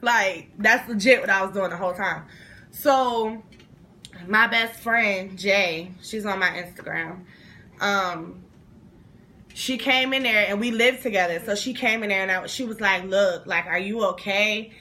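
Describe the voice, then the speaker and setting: A young woman vlogger telling a story to camera in a casual, animated way, acting out the voices and swearing freely. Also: medium pitch, unhurried. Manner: animated, acts out every voice in her story. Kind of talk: storytime monologue.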